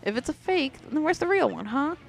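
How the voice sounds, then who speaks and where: A blustering turtle-dragon king from a video game, shouting and indignant, his voice pushed high and loud above the player's usual talk, as a let's player puts him on. He bellows every line with hot-headed bluster. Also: sing-song, brisk, vocal fry, a little hiss or hum, heavily acted. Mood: outraged.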